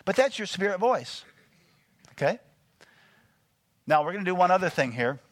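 A man preaching a sermon, animated and full of call-and-response questions to the congregation. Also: high voice, moderate pace, dry recording, studio quality. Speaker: pastor.

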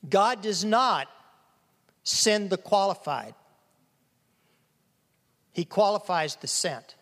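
A man's voice: high voice, animated, takes it slowly, pauses often, fairly bright tone. A man preaching a sermon as a pastor, acting out quoted voices and repeating phrases for emphasis. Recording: long hall reverb.

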